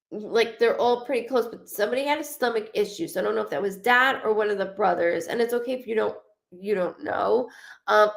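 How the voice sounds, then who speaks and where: A woman giving a live psychic reading, talking in quick, rambling bursts and often correcting herself. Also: mid-range voice, vocal fry. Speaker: psychic medium. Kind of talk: live-streamed reading to viewers.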